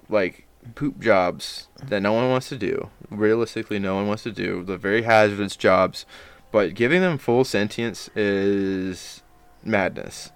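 A man's voice: on the low side, smooth. A young man co-hosting a podcast, teasing and joking in casual banter. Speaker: podcast co-host.

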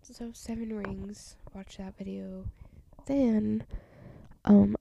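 A woman's voice: mid-range voice, fairly even intonation, slow, vocal fry, mellow, slight background noise. A young woman hosting her own podcast, rambling in an offhand, self-mocking way as she chats alone. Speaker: podcast host. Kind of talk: casual solo chat.

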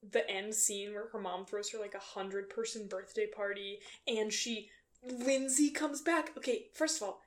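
A woman's voice: medium pitch, fairly even intonation. A young woman co-hosting a casual podcast chat, chatty and laughing often. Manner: chatty, laughing, quick asides. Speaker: podcast co-host.

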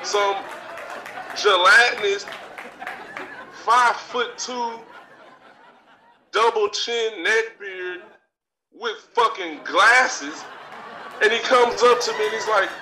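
A man doing a swaggering, foul-mouthed talk-show braggart who rants in a high voice and drawls his words out slowly. His ranting is caught from far off on a theater stage. A noisy crowd and a loud background hum sit under it. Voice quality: profane, swaggering delivery. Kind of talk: live comedic stage rant. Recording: distant live recording with crowd noise.

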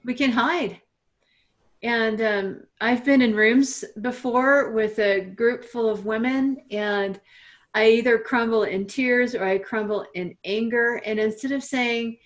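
A woman's voice: fairly high pitch, a little slow. A woman hosting an interview, encouraging and affirming her guest in casual conversation. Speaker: interviewer host.

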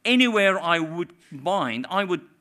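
Man preaching, hushed then ringing. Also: high-pitched, lively intonation, a little slow. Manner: impassioned preaching, swinging from hushed to loud. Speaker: pastor. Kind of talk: sermon.

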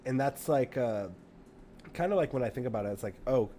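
A man's voice: medium pitch, expressive, fairly quick, warm tone, a little hiss or hum. Rambling, laughing male podcast guest. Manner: rambling, filler-heavy, laughs often. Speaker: podcast guest, sketch comedian. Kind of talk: casual chat.

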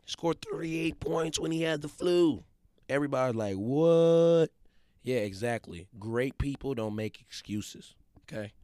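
A man's voice: lowish voice, darkish tone, clear, resonant tone. A man, hosting a podcast with a casual, emphatic motivational monologue and often checking in with his listeners. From Detroit. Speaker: podcast host.

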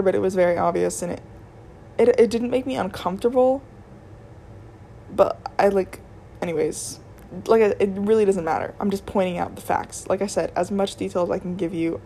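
A woman's voice: medium pitch, creaky, dark tone, slight background noise. A young woman chatting casually through a storytime vlog about her retail job, rambling with lots of "like" and restarts. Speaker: retail worker telling work stories.

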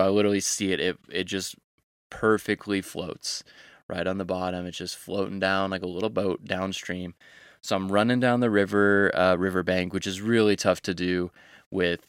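A young man with a deep, smooth voice works through a story the way he talks off the clock, full of slang and loose asides. He is a fishing guide recording a podcast, and the sound is close and dry. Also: fairly bright tone, dry recording. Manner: laid-back, rambling with casual slang.

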